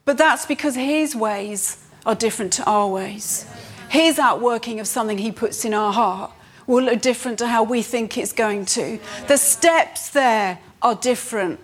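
A woman delivers an earnest sermon in a fairly high voice. She lifts her pitch to stress key points and slows down when reading scripture aloud. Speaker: preacher.

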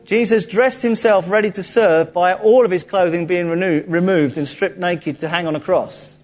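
A man preaching a sermon in a lively, conversational way, joking with his listeners. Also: high voice, normal speed. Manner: lively, jokey, conversational, acts out quotes.

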